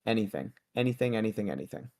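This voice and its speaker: A man's voice: lowish voice, lively intonation, rapid-fire, mellow. A young man hosting a sports betting livestream, chatting loosely and joking with his co-host and the chat.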